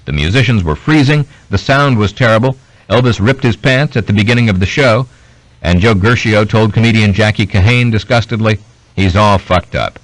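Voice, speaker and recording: A man reading a biography aloud as an audiobook narrator, in steady scripted narration. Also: lowish voice, a little fast, no echo, rough recording. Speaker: audiobook reader.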